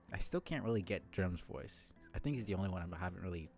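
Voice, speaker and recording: A man's voice: low-pitched, expressive, fast talker, few pauses, a little mellow, faint music behind. A man streaming a game live, chatting in a rambling, self-deprecating way with lots of fillers.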